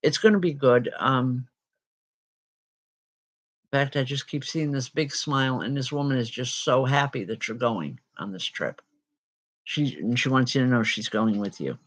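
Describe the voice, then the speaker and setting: A woman's voice: a bass voice, moderate pace. A woman working as a spiritual medium, giving readings. She calls people by name and passes on spirit messages in a reassuring way. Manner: addresses people directly by name.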